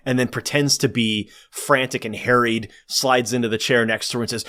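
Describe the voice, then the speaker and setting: A man's voice: medium pitch, fairly even intonation, moderate pace, hardly any pauses, a bit bright. A man in casual conversation, eagerly summarizing a film's scenes and acting out lines. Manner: enthusiastic, breaks into narrated quotes. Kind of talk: casual movie recap chat.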